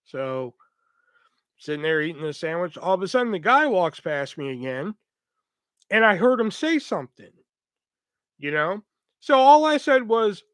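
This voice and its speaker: A man with a fairly high voice tells a workplace story in a loose, rambling style, swearing freely and animating each quoted line. The recording is dry and close with no room sound. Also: very animated, moderate pace, pauses often, a bit bright, no room sound. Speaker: podcast host. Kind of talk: casual storytelling.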